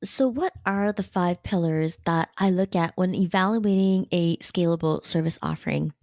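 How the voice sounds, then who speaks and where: Woman from Canada, podcast host, lowish voice, scripted and instructive, dry close mic. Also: moderate pace, dry recording. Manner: steady, direct, instructive delivery. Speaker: podcast host and business coach. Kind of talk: scripted solo podcast talk.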